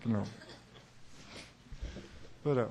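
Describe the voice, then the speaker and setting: A man, chatting between songs at a small club show, rambling and halting with many pauses and wry chuckles. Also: mellow, slight background noise. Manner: wry, chuckling joke-teller. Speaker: singer-songwriter performing live. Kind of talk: onstage banter between songs. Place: small live music club.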